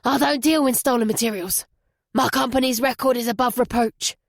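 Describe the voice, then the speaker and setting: A woman reading a gravelly East London man who is used to giving orders, curt and indignant. The voice sits a touch high and carries forcefully. It is recorded dry and close. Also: moderate pace, no room sound. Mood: brusque. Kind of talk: audiobook character voice.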